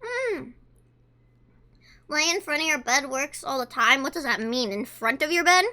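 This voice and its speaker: Bright, high-pitched woman streamer. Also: lively intonation, moderate pace. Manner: chatty, talks while eating, reads chat aloud. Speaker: livestreamer. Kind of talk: casual live-stream chat.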